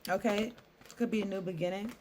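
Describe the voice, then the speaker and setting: A woman's voice: medium pitch, steady tone, brisk, noisy background. A woman giving a casual solo tarot reading, reading card meanings aloud and riffing with loose asides and frequent "okay?" check-ins. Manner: chatty, reads aloud then riffs with asides; frequent "okay?" and "I don't know" fillers. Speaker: tarot reader.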